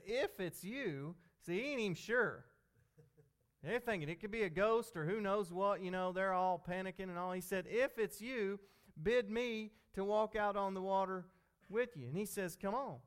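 A man's voice: sits high, fairly bright tone, smooth. A man preaching an informal, folksy sermon, talking conversationally and repeating himself.

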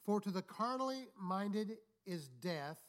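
A man's voice: high-pitched, expressive, a little slow. A man, a pastor, preaching a sermon with repeated phrases and call-and-response asides. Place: church.

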